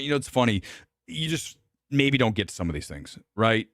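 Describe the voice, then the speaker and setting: A man hosting a live movie talk show, giving blunt and opinionated takes on awards picks, jumping between loud outbursts and low muttered asides. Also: no echo, clean studio sound. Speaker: film talk show host. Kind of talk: live movie review chat.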